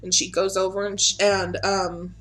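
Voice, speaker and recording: A casual woman game master narrates a tabletop game, chatty and loose and swearing freely. Her voice is bright, and her narration is filled with fillers. Faint music plays underneath. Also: mid-range voice, flat delivery, moderate pace.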